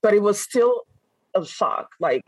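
A woman from Benin, a guest on an interview podcast, chatting casually and telling animated stories with frequent laughs. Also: medium pitch, unhurried, slightly rough, poor audio. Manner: animated, laughs often, acts out quoted voices. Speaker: guest, food content creator. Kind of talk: casual conversational storytelling.

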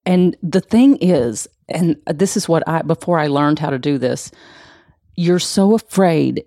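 A woman speaks softly and reflectively as she coaches a listener through their emotions. Her voice is gravelly and mellow, and it often sinks to a hushed near-whisper. The recording is dry and close. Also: low voice, measured pace, no echo. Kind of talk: conversational teaching.

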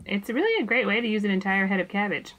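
A woman talks on a podcast in a mid-range voice. She rambles and chats easily, with plenty of fillers. The conversation is relaxed and unscripted. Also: medium pitch, fast, rough recording. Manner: chatty and rambling, with many fillers and laughs. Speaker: podcast co-host. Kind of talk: casual chat.

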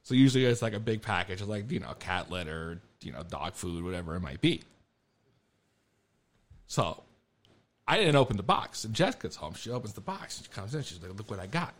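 A man hosting a casual podcast, telling a story in an animated way and swearing freely. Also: fairly low pitch, brisk. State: laughing through a coughing strain. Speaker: podcast host.

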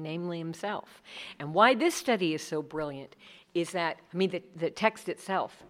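A middle-aged woman speaking earnestly to a group about leading Bible studies, acting out the people she quotes. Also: fairly low pitch. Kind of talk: talk with audience questions.

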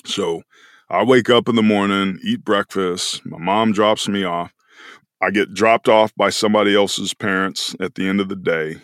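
A man in his forties with a very low voice, sharing a personal story as a podcast guest. He speaks earnestly and lets the weight of key moments slow him down, and the sound is dry and close. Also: fairly even intonation, fairly bright tone, no room sound.

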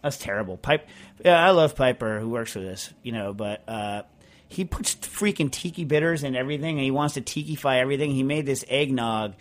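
A man's voice: medium pitch, lively intonation, a little fast. A man hosting a podcast in casual chat, rambling and emphatic, full of restarts as he answers listener mail. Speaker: podcast host.

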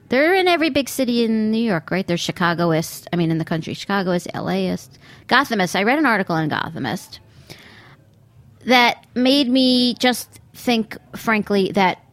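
A middle-aged woman hosts a podcast from Brooklyn with a mid-range voice. She rambles through a sarcastic comic rant, piling up mocking asides. The sound is close and dry, with no room echo. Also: medium pitch. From Brooklyn, United States. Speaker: podcast host. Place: sitting near a busy pizza restaurant.

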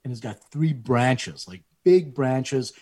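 A middle-aged man with a husky, slightly breathy voice tells a long personal story in easygoing conversation. He keeps his speaking pitch in a middle range and livens it up by mimicking the people he quotes. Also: slow. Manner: animated, acts out quoted voices with rising pitch. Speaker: guest telling a story.

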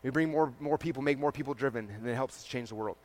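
A man giving a motivational talk to a live audience, energetic and peppered with "like", often checking in with "okay?" and "right?". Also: mid-range voice, fast talker. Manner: heavy use of "like" as a filler. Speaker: speaker presenting to a live audience.

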